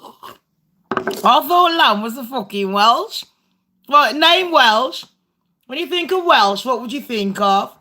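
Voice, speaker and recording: A woman's voice: high-pitched, expressive, slow pace, pauses often, bright, forceful tone. A woman hosting a casual livestream game with her viewers, blunt and foul-mouthed. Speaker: livestream host.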